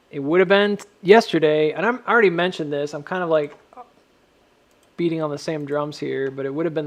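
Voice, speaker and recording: Man, somewhat high voice, gravelly, rambling self-mocking chart vlogger. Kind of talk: casual chart commentary.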